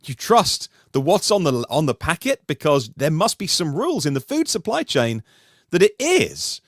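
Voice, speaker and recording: A man talking through a podcast discussion in an animated, rambling way, with many restarts. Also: a little high, moderate pace, dry recording, studio quality. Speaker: podcast host, guest panelist.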